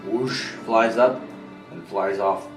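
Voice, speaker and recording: A man narrating a scene in a tabletop game, animated and playful. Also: on the low side, slow. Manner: animated, laughing. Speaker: player. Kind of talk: narrating and casual game chat. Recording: echoey room, distant mic, music.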